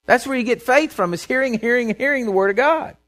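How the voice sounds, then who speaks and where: A man's voice: very high-pitched, fast. A pastor preaching a sermon from a church pulpit in plain, folksy words, acting out the voices of the people he describes. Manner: animated, acts out voices of people he quotes.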